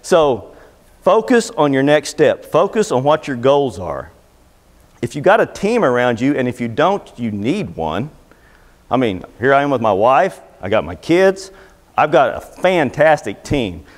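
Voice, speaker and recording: A man's voice: mid-range voice, very animated, unhurried, big-room sound. A middle-aged man speaking to a seminar audience, talking casually and folksily with jokes and anecdotes. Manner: folksy, joking, conversational storyteller. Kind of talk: motivational seminar talk. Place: seminar room before a live audience.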